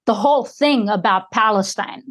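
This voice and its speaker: A woman's voice: medium pitch, moderate pace, fairly bright tone, lightly acted. A woman quoting a strict, commanding older woman stranger in a curt tone. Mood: stern.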